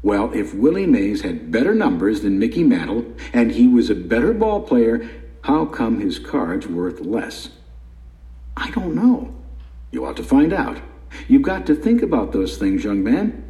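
Guy doing an older man who loves baseball, pushy questions, mellow tone, roomy sound. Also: mid-range voice, very animated, a little slow. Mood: challenging. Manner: emphatic, questioning, firm. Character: older man, baseball lover, challenging mentor. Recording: roomy echo.

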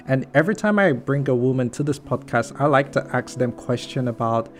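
A man's voice: mid-range voice, expressive, a little fast. A man hosting a faith-centered podcast interview, talking reflectively and often saying "like" as he thinks aloud. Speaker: podcast host. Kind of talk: conversational interview.

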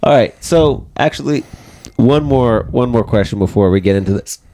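A man's voice: mid-range voice, moderate pace, dark tone. A young man co-hosting a casual comedy podcast, candid and rambling, laughing often as he talks. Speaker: podcast co-host.

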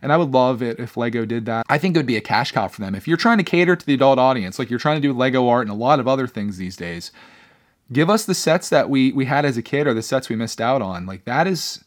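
A man's voice: mid-range voice, expressive, fast talker. A young man hosting his own podcast, talking casually and earnestly, with many fillers and restarts, reading out viewer comments. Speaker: podcast host. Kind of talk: casual solo podcast talk.

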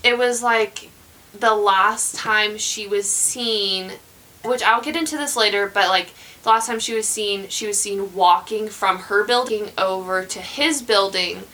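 A woman's voice: medium pitch, a little slow, sharp tone, low-quality recording. A young woman hosting a podcast, telling a true crime story in casual chat, rambling with many fillers and restarts.

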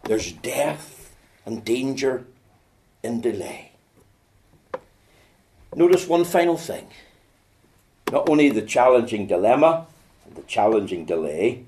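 A man preaching a sermon, swinging from hushed storytelling to loud, urgent pleading. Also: medium pitch, a little hiss or hum.

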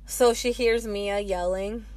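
A woman's voice: mid-range voice, steady tone, slow pace, a little mellow, no echo. A woman casually recapping a movie, often backing up her friend and filling in plot details. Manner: backchannels a lot, fills in plot details.

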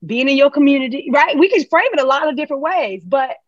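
A woman's voice: sits high, animated, fast, no room sound, highs cut off. A woman from Charlotte with a North Carolina Southern accent, talking as a podcast guest in an emphatic, passionate way, often tagging "right?". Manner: emphatic, passionate, tag questions. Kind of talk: podcast conversation.

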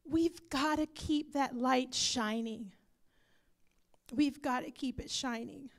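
Woman pastor, fervent sermon, high and gravelly, measured delivery. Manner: fervent, breaks into whispered prayer. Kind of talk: sermon and prayer. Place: church.

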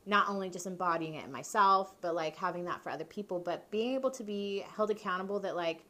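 A woman's voice: fairly low pitch, fast, fairly bright tone. A woman hosting a podcast, a hairdresser talking candidly in casual chat, rambling with lots of fillers. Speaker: podcast host.

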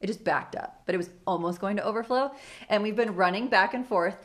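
A woman's voice: medium pitch, brisk. Chatty young woman podcast host. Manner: chatty storyteller, laughs often. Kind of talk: casual podcast chat. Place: home.

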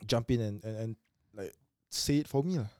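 A man with a Singaporean English accent, chatting loudly on a podcast, swearing and rambling. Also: fairly low pitch, moderate pace, no room sound, studio quality. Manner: loud, swearing, rambling and animated. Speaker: podcast host. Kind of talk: casual podcast chat.

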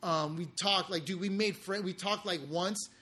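Animated man saying "okay?" a lot. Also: sits high, normal speed. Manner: animated, repeats "okay?" constantly, slangy. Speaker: podcast host. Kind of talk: casual storytelling to viewers.

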